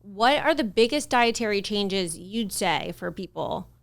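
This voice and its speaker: A woman's voice: mid-range voice, lively intonation, unhurried, gravelly. A woman podcast host asking curious questions and affirming her guest often. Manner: curious, frequent affirming interjections. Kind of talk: conversational podcast interview.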